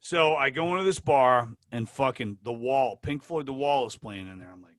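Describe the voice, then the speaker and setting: A man as an interview guest, telling animated, profane anecdotes in casual talk. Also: medium pitch, moderate pace, few pauses, no echo. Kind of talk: casual storytelling.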